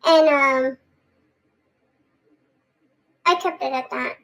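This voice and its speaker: A woman's voice: sits high, unhurried, long pauses, rough recording. A woman telling a personal story casually, swearing and acting out what people said. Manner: animated, swearing, acts out quotes.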